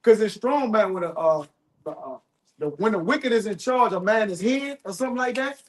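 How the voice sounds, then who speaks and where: A man's voice: high-pitched, animated, a little fast. A man at a street preaching camp reading Bible verses aloud and explaining them in loose, profane talk.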